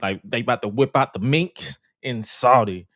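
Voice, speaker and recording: A man's voice: medium pitch, moderate pace, fairly bright tone, dry recording, clean studio sound. A man hosting a wrestling podcast in casual, joking chat, laughing often. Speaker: podcast host.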